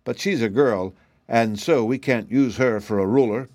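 A man's voice: medium pitch, normal speed, darkish tone, dry recording, studio quality, close to an everyday voice. A man voicing a meek, dutiful gardener in a storybook, explaining things earnestly.

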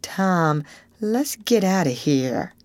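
A woman voicing a superstitious, wary boy sidekick with a slow, nervous folksy drawl. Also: on the low side, sing-song, no room sound. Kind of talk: audiobook character reading.

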